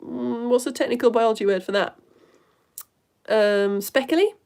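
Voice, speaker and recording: UK woman teacher, live-stream chat, slightly high voice, lively and chatty. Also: measured pace, gravelly. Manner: animated, swings between excited greetings and quiet asides. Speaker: teacher greeting live viewers.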